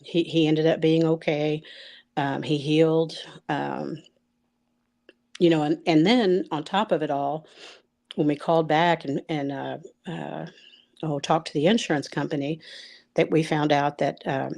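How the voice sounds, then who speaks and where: A middle-aged woman telling a personal story out loud, rambling and halting, with many fillers and restarts. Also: deep voice, steady tone, creaky.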